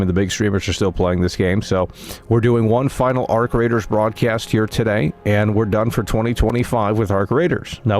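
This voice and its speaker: A male gaming streamer talking casually on a live stream, rambling and matter-of-fact while he calls on viewers to engage. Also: fairly low pitch.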